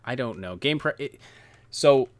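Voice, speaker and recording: A man co-hosting a gaming podcast, calmly reading out and questioning news points in casual chat. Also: medium pitch. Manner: measured, reads from articles, hesitant restarts. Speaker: podcast co-host.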